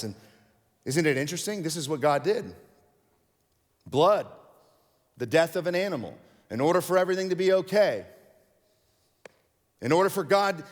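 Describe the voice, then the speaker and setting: A man preaching a sermon as pastor, casual and animated, acting out quoted lines in a conversational way. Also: sits high, big-room sound. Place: church hall.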